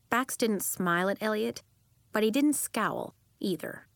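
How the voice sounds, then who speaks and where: A woman narrates a children's novel in a close, dry studio sound. Her pitch sits in the middle, and she keeps a steady storytelling pace. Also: moderate pace, no room sound. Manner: acts out children's voices with lively pitch jumps. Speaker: audiobook narrator.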